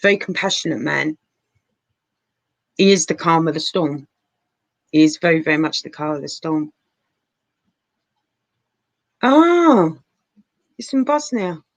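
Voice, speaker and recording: A woman's voice: sits low, expressive, measured pace, long pauses, no echo, low-quality recording. A woman chatting through a live tarot reading from her sofa at home, calling viewers darling and honey. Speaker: tarot reader. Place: living room sofa at home.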